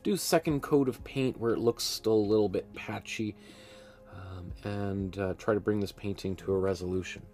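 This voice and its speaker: A man's voice: lowish voice, normal speed, a little mellow, soft background music. A man hosting a live painting class from his studio, talking in a chatty, rambling way and often laughing at himself. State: hiccups. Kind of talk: casual live-stream teaching. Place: art studio.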